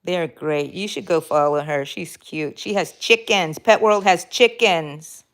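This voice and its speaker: A woman's voice: fairly low pitch, a little slow. A woman hosting a crochet live stream, chatting casually and answering viewer comments while she crochets, rambling with fillers and self-corrections. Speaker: crochet livestream host.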